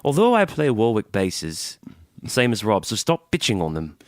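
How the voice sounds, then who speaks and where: A man's voice: fairly low pitch, huge pitch swings, normal speed, no echo, studio quality. A man putting on a playful Liverpudlian-style voice to read a listener's line aloud, drawn out for a joke. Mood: mock reading. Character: male reader in a mock northern English voice.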